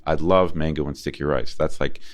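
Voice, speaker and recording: A man's voice: a bass voice, fairly even intonation, a little fast. A man co-hosting a podcast, chatting easily and reading the show's thanks. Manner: easygoing, reads sponsor thanks. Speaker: podcast co-host. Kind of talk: casual chat and show outro.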